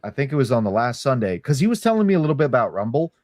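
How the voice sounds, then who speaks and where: A man's voice: mid-range voice, very animated, very fast, a little mellow, dry recording. A young man, chatting casually as a podcast co-host, rambling and swearing between laughs. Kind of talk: casual chat.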